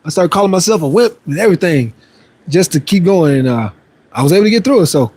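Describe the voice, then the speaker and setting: A man's voice: sits high, lively intonation, fast talker, darkish tone, a little hiss or hum. A man hosting a casual fitness livestream, reading viewer messages aloud and answering them in an upbeat, motivational and playfully boastful way. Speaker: fitness streamer and trainer.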